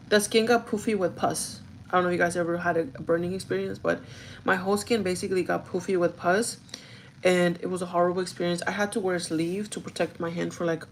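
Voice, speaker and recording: A young woman chats through a get-ready-with-me storytime, animated and unfiltered, with casual swearing. Her voice has a gravelly fry to it, and a faint hiss of background noise sits under the recording. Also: fairly low pitch, low-quality recording. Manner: chatty, animated, swears freely, code-switches into Spanish quotes. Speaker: beauty vlogger. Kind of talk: casual storytime while doing makeup.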